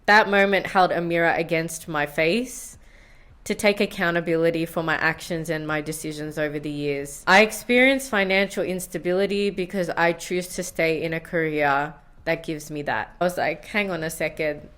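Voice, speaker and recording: A woman's voice: low-pitched, steady tone, moderate pace, a bit bright. A woman in her thirties telling a candid, confessional story in a vlog, often laughing at herself. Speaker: science vlogger.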